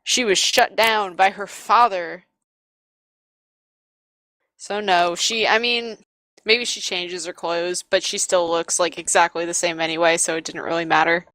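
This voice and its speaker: A woman player in a tabletop role-playing game, describing her character in a deadpan way. Her voice is bright and sharp, recorded dry and close with no room echo. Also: fairly low pitch, a little slow.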